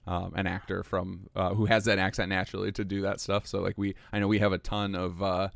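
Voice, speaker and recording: Host: low-voiced man, loose and chatty with frequent fillers, recorded dry. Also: level tone, brisk, gravelly, no echo. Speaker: podcast host. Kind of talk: casual podcast interview.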